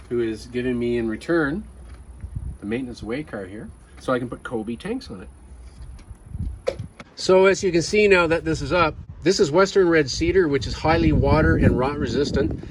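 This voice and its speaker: Chatty hobby guy narrating outside, high lively voice, noise in the background. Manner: chatty and sentimental. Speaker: hobby railway vlogger. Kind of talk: casual narration. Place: outdoors in a garden.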